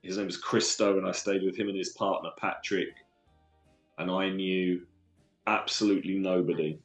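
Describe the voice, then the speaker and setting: Deep-voiced man with a London accent. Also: steady tone, reverberant, soft background music. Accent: London English. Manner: earnest, halting with restarts. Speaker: guest. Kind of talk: casual storytelling interview.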